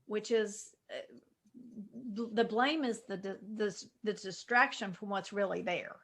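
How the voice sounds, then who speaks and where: A woman's voice: mid-range voice, unhurried, a bit bright, slightly rough. A woman co-hosting a casual spiritual chat, often affirming the other speaker and adding her own reflections. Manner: affirming listener, says "right" often. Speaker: co-host.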